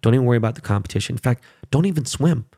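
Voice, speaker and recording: A gravelly man in his thirties who talks straight to viewers in a heated, rambling way, swearing and circling back on his points. The sound is dry and close, with no room around his voice. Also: medium pitch, animated, racing, dark tone, no echo. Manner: heated, swears, repeats himself. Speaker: father telling a story. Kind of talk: casual monologue to viewers.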